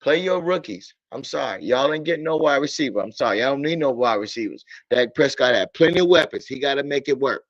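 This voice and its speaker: A man with a drawl rants about his team, blunt, exasperated and full of profanity. His voice sits at an ordinary mid pitch. The sound is dry and muffled, like cheap lo-fi streaming audio. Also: animated, quick pace, few pauses, no echo. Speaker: sports talk streamer. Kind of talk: casual sports rant. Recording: dull lo-fi audio.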